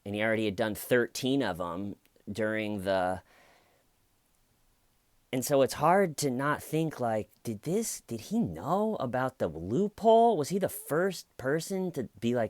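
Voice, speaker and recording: A man's voice: medium pitch, very animated, measured pace, darkish tone, no room sound. A man casually telling a true crime story with jokey, sarcastic asides.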